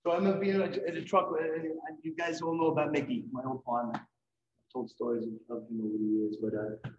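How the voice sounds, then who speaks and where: A middle-aged man giving a live painting demonstration, telling lively anecdotes and acting out what others said. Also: on the high side, fast, reverberant, dull audio, a little hiss or hum. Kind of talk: storytelling during a live demonstration. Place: event hall.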